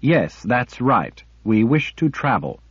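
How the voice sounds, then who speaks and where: A man's voice: medium pitch, very animated, takes it slowly, husky, no echo, heavily acted. A man voicing a determined female sorceress who pleads urgently while trying to sound reasonable, in a storybook reading. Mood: firm. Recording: dull lo-fi audiobook recording.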